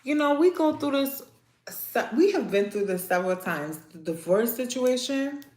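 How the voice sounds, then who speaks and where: A young adult woman, hosting a casual livestream and ranting to her viewers in a sassy, animated way. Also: a little high, normal speed. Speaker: livestream host. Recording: echoey room.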